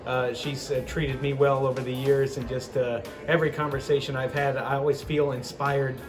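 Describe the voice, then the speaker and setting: A man giving warm praise for a friend, with occasional fillers. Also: mid-range voice, level tone, normal speed, over music.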